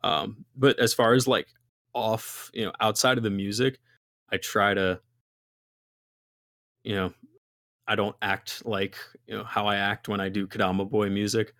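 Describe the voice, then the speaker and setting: A man's voice: lowish voice, steady tone, unhurried, long pauses, fairly bright tone, no room sound, studio quality. A young man, a musician guest, talking casually in a rambling, swearing way with lots of fillers. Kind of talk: casual interview chat.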